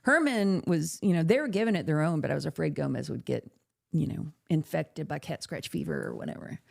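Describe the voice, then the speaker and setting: Low, gravelly woman telling a lively story. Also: fairly quick. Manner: animated, swears freely, laughs often. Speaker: podcast host. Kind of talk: casual storytelling chat.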